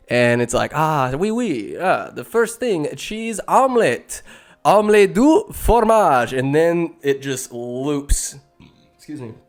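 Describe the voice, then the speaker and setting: A man hosting a podcast in rambling, casual commentary. He is excitable, laughs often and swears freely. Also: medium pitch, clear, resonant tone. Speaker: podcast host.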